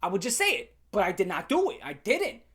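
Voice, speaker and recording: A man's voice: high voice, huge pitch swings, a little fast, a bit bright. A young man rants through a storytime video, swearing freely and dropping slang as he goes. He talks straight to his viewers and circles back over the same points, building up heat as he retells it. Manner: profane, slangy, heated ranting. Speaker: YouTuber telling a story. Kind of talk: storytime rant.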